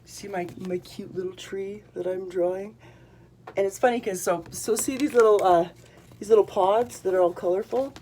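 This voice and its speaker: This woman, an energy healer, speaks to her viewers in a warm, mid-range voice at normal speed. Her casual talk to camera is bubbly and meandering, packed with fillers, over a slight hiss or hum.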